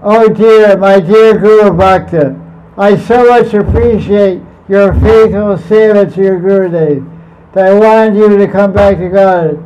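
A man voicing a gracious male deity who speaks in a warm, appreciative way in a high voice. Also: measured pace, slight background noise. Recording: muffled lo-fi recording.

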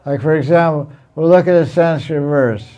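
A man's voice: a little high, normal speed, dark tone. Blunt, teasing male teacher, lo-fi recording. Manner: blunt, teasing, repeats himself. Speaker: Sanskrit teacher. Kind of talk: informal classroom lecture.

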